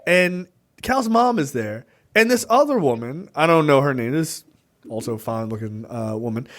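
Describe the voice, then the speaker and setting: A man co-hosting a podcast in casual movie review chat, animated and laughing, acting out lines from the film. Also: medium pitch, moderate pace. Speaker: podcast co-host.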